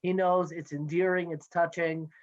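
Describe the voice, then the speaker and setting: A man's voice: fairly high pitch, little pitch movement. A man in his thirties talking in a casual, playful way as a guest, joining by video call from his home office. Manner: chatty, playful, quick with jokes. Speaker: guest, NCSY education director. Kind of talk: casual interview chat. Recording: dull lo-fi video call audio.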